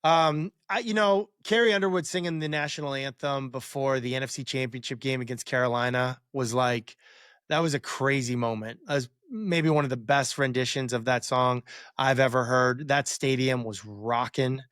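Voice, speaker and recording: A man's voice: medium pitch, normal speed, clear, resonant tone, dry recording, clean studio sound. A middle-aged man, a former quarterback, telling rambling stories as a podcast guest and acting out what others said. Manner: rambling, animated, acts out quotes. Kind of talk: casual interview storytelling.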